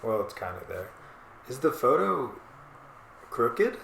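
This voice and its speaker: A man co-hosting a casual podcast chat, talking in a rambling, animated way and often breaking off mid-thought. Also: mid-range voice, slow, vocal fry, slight background noise. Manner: rambling, animated, self-interrupting. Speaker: podcast co-host. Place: small apartment room. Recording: echoey room.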